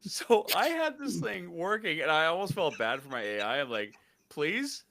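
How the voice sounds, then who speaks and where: A man's voice: a little high, normal speed, vocal fry, crowd noise. A man co-hosting a live show, telling stories in a casual, joking chat and laughing often. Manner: animated, laughing storyteller. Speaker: co-host.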